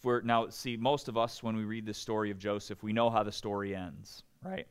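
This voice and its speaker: A man preaching a sermon, speaking conversationally, asking his listeners "right?" again and again and acting out quoted voices with big swings in pitch and loudness. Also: little pitch movement, fairly quick, clear, resonant tone. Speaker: pastor.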